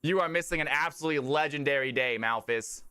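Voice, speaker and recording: A male streamer with a high, bright, forceful voice, commentating games live. He talks straight to his viewers with loud, eager energy and plenty of hype. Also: quick pace, clean tone. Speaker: streamer hosting community game nights.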